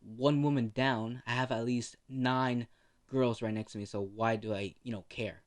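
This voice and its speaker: A man's voice: medium pitch, fairly even intonation, moderate pace, lightly acted. A man voicing a careless, smug young man talking on the phone in a spoken fan story.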